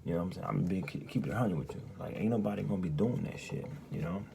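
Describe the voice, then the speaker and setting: A man's voice: low voice, fast talker, vocal fry, background noise. A man from New Orleans with a New Orleans accent, telling a personal story to camera in a loose, profane way, packed with "you know" and "you hear me".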